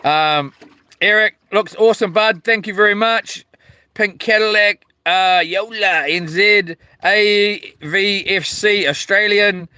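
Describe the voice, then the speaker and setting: Out on a small boat, a New Zealand fisherman livestreams casually, reading viewer comments aloud in a slangy, laid-back way. He speaks slowly in a high, sharp, smooth voice with no echo.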